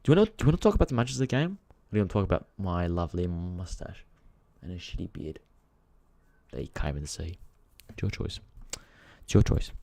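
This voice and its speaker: Man, football live-stream host, casual ranting chat, swears a lot, very expressive pitch, dry close sound. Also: quick pace, gravelly, dry recording. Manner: frustrated, talks to viewers directly.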